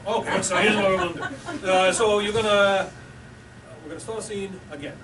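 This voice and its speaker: A fairly high-voiced man hosts a live improv show on a small theater stage, chatty and coaxing. He is picked up from a distance in a roomy hall, with clear background noise and room ambience. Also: fairly quick, a bit bright. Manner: chatty, coaxing, laughs often.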